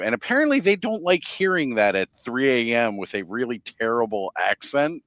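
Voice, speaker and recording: Male host, mid pitch, jokey storyteller, dry close mic. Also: big pitch swings, a little fast, hardly any pauses, fairly bright tone, no echo, lo-fi sound. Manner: jokey, laughs at his own stories. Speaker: live stream host. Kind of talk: casual chat, storytelling.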